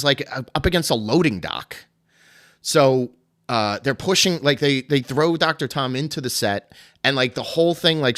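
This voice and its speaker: A man's voice: mid-range voice, pushed and bright, dry recording, clean studio sound. A man hosting a podcast, casually retelling a story in a rambling way full of fillers and laughs. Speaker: podcast host.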